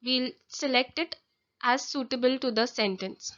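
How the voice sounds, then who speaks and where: A woman's voice: high voice, unhurried, fairly bright tone. A woman teaching a grammar lesson, explaining carefully step by step and sometimes correcting herself. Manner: careful, explanatory, with small slips and self-corrections. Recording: dull lo-fi audio.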